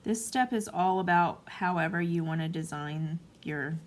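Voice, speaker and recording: A woman in her forties talking through a craft tutorial at home in a gentle, calm, chatty way. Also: fairly low pitch, moderate pace. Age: 40s. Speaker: craft vlogger.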